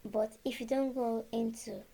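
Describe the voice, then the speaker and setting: A woman's voice: on the high side, measured pace. A woman from Nigeria, probably in her thirties, casually telling a personal story and acting out the conversations she had. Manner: animated, reenacts conversations with quoted dialogue. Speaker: storyteller sharing her birth experience.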